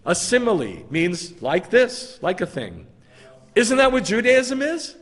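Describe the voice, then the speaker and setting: A man delivers a sermon as a rabbi, his voice slightly high and swinging widely in pitch. He drives points home with repetition and rhetorical questions. The sound carries a long hall reverb. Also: huge pitch swings, a little slow, fairly bright tone. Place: congregation sanctuary.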